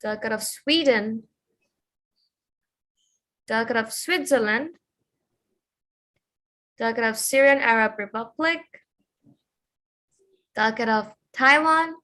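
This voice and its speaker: A woman's voice: on the high side, slow, long pauses, bright, forceful tone. A woman chairing an online committee, calling the roll over a video call in a hesitant way with many fillers.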